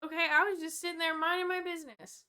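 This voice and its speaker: A woman's voice: very high voice, little pitch movement, quick pace, pushed and bright. A young woman vlogger telling a storytime rant, exasperated and rambling, swearing freely as she goes.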